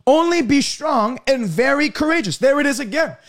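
A man preaching a fervent broadcast sermon, repeating words and breaking into bursts of shouting. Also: extremely high pitch, expressive, normal speed.

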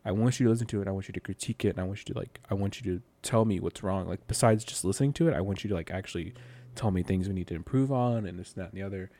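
A young man with a deep voice races through a rambling story while co-hosting a podcast, with no room sound. He's animated and chatty, filling his speech with lots of fillers.

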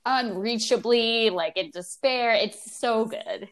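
A woman's voice: on the high side, slow, a bit bright. A woman co-hosting a podcast, chatting casually with many fillers and laughs. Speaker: podcast co-host. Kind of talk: casual chat.

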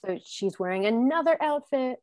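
A woman's voice: sits high, expressive, moderate pace, over a noisy crowd. A woman hosting a casual chat, recapping a show with frequent laughter and acted-out quotes. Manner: chatty, laughs often, acts out quotes. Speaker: podcast host recapping a dating show.

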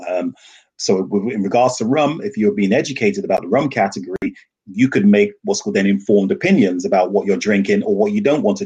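A man's voice: on the low side, darkish tone, slightly rough. A man, a festival founder, talking animatedly in an interview, laughing often and acting out voices in his stories. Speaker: rum festival founder, guest. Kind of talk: casual interview talk.

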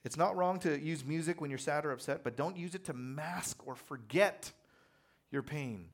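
A man preaching a sermon in a conversational, animated way, telling personal stories with self-deprecating humor. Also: on the high side, moderate pace. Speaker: pastor.

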